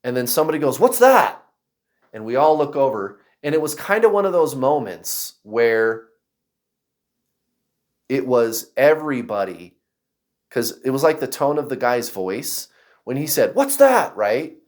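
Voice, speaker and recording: Animated man telling a story. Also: medium pitch, normal speed. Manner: animated, acts out voices and shouts while telling a story. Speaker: vlogger. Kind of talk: casual storytelling.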